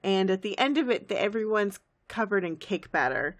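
A woman's voice: medium pitch, moderate pace. A woman co-hosting a podcast, chatting and giggling as she recaps a cartoon episode. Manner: chatty, giggly, lively retelling. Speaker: podcast co-host.

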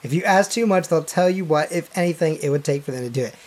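Chatty gm running a tabletop game, laughs a lot, thinks out loud. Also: mid-range voice, fast talker, slight background noise. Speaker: game master.

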